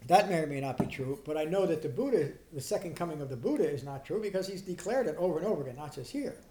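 A man's voice: on the high side, lively intonation, fast, noisy background. A middle-aged man giving an earnest dharma talk as a Buddhist teacher, often restarting his sentences and leaning hard on key points. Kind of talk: dharma talk explaining a sutta. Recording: roomy echo.

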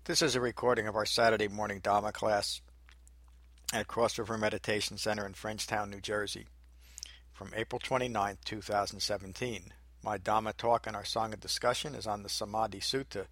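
A man teaching meditation, giving a Buddhist dharma talk to a small class. He thinks aloud with pauses and pokes fun at his own habits. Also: on the low side, a bit bright, poor audio. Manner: self-deprecating, chuckling about his habits.

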